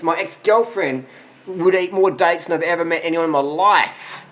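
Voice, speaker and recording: A man's voice: a little high, unhurried, a bit bright. A man of forty giving blunt, profane answers to viewer questions in a casual monologue, worn out after a long ride. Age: 40s.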